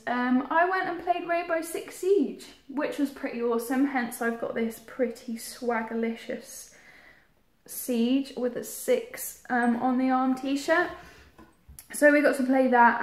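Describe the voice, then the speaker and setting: A young woman with a fairly high voice rambles through a story to camera, giggling and filling gaps with ums and likes. Her voice bounces around a roomy, echoey space. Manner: chatty, giggly, rambling with many fillers. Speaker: vlogger. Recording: roomy echo.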